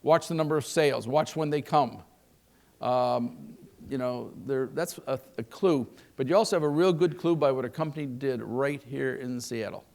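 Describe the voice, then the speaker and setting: A man's voice: medium pitch, normal speed, gravelly, darkish tone. An older man giving a live keynote on the economy, folksy and joking, asking the audience questions. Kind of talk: live keynote talk with anecdotes.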